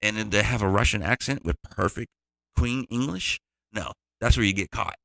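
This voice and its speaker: A man with a very low, gravelly voice walks through his process in a casual, wandering way. His tone is bright and forward, and the sound is dry and close. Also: normal speed, no room sound. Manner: loose, digressive explaining. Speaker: music producer. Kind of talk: casual tutorial walkthrough.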